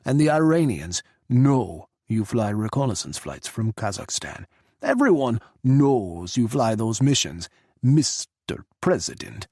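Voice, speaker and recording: A man's voice: mid-range voice, sing-song, measured pace, a little mellow, no room sound, clean studio sound. A man voicing a scheming, restless Russian president with a thick Russian accent and a smirking, cutting manner. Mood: sly.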